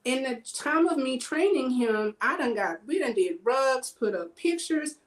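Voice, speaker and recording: A woman telling personal stories in casual chat, animated and acting out the dialogue in her stories. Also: high voice, unhurried, low-quality recording. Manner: animated, acts out quoted dialogue.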